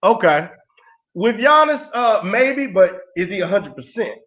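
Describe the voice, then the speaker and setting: A man's voice: high voice, sing-song, measured pace, dull audio. A man as a guest on a casual sports talk show, playful, confident and emphatic.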